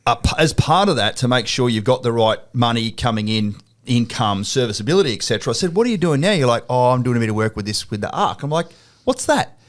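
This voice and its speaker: A man's voice: mid-range voice, animated, fast, few pauses. An Australian man hosts a podcast from a studio in a mid-range voice. His talk is loose and blokey, full of swearing and quoted back-and-forth as he tells stories. He sounds like he is chatting with mates. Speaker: podcast host. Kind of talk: casual interview chat.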